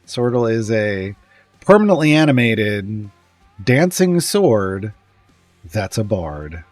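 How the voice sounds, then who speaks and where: A man chatting casually on a live stream, rambling and often trailing off with pauses and small chuckles. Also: on the low side, big pitch swings, no room sound, faint music behind.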